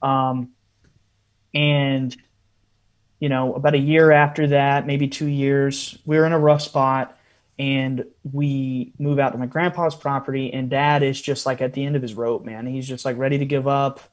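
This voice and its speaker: A man's voice: mid-range voice, little pitch movement, unhurried. A man, a podcast guest, telling a long story in a casual interview style with frequent asides.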